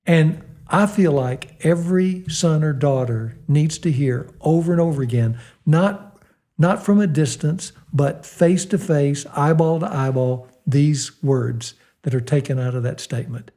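Mellow-voiced older man telling stories. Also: on the high side. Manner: animated storyteller, acts out quoted dialogue, slows for emphasis. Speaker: fatherhood speaker and guest. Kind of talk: storytelling talk with a Christian slant.

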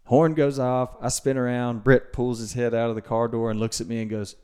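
A man's voice: mid-range voice, little pitch movement, brisk, a little mellow, clear, resonant tone. A young man, hosting a podcast and telling a hunting story in a rambling, self-correcting way. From Mississippi, USA. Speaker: podcast host. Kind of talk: casual storytelling.

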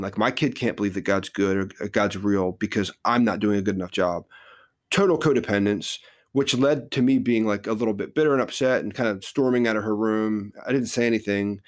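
Earnest low-voiced man telling his story. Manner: earnest and reflective, many "like" fillers. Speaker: podcast guest, author. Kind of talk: podcast interview, personal storytelling.

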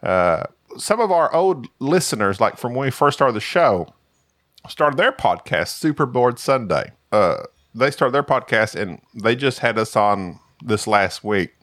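A man's voice: medium pitch, expressive, unhurried, a bit bright, no echo, clean studio sound. A man co-hosting a podcast, chatting and explaining things in a joking way. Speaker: podcast co-host. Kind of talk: casual podcast chat.

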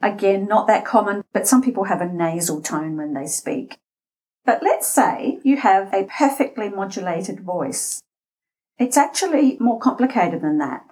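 A middle-aged Australian woman, a voice and interview coach, explaining speech habits in a deliberate way, with a slightly scratchy voice and shifts in pace and loudness for emphasis. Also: mid-range voice, expressive. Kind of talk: instructional talk.

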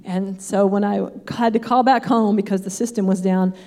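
A woman's voice: mid-range voice, fairly even intonation, moderate pace, warm tone. An older woman giving a casual Bible teaching, chatty and full of personal asides.

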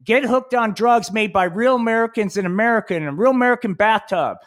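A man voicing a cheesy male superhero mascot with a booming infomercial delivery. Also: brisk, fairly bright tone. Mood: hyped.

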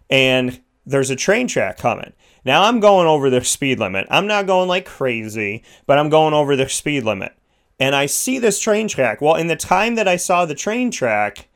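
A man co-hosting a talk show recounts a story in an easygoing, animated way. His voice is smooth and clear and sits a little high, and he bursts into acted-out shouts. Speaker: podcast co-host. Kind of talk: casual storytelling.

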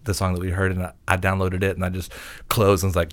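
Casting: quick, lowish male host, rambling storyteller, casual chat. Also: no room sound. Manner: rambling storyteller, animated when retelling. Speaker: radio show host.

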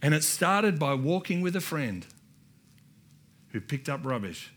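A man's voice: a little high, big pitch swings, a little slow, a bit bright. A man with an Australian accent preaching a sermon in church, building to emphatic repeated lines and calling out to the congregation. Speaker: pastor. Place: church hall.

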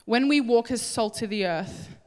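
A middle-aged woman preaching a sermon, animated and acting out little scenes in different voices. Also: fairly high pitch, normal speed. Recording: echoey hall with long reverb.

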